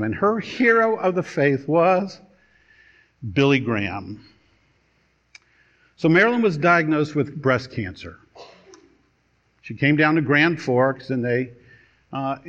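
A man pastor preaching a sermon, telling a story with dramatic pauses and a storytelling delivery. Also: a little high, a bit bright. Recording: dull lo-fi sermon recording.

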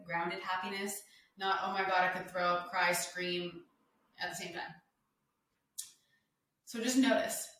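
A woman's voice: medium pitch, a bit bright, heavy reverb, distant mic, rough recording. A young woman hosting a solo wellness podcast, talking casually and emphatically with lots of "like" fillers. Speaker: podcast host.

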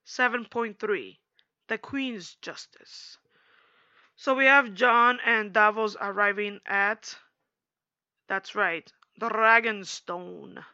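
A young woman chatting casually in a slangy, animated recap, acting out quotes as she goes. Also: medium pitch, takes it slowly, dry recording, dull audio.

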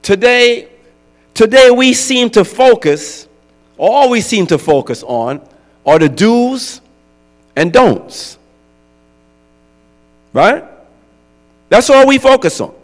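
A man's voice: very high voice, big pitch swings, takes it slowly, pauses often. A male pastor preaching a sermon in a conversational way, often asking his congregation "right?". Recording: long hall reverb with mains hum.

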